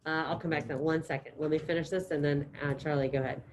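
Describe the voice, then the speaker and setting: A middle-aged woman with a lower-than-usual voice runs a lively classroom lesson, calling out drills and cheering students on. A soft hiss of noise sits behind her. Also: very fast, poor audio. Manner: upbeat, encouraging, chatty. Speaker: high school Spanish teacher. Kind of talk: classroom teaching with call-and-response drills. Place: classroom with students present and online.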